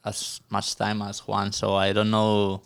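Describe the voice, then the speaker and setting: A man speaks slowly as a podcast guest, his voice sitting fairly low. He keeps his phrasing simple and laughs easily. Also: monotone, gravelly, clean tone. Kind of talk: casual chat.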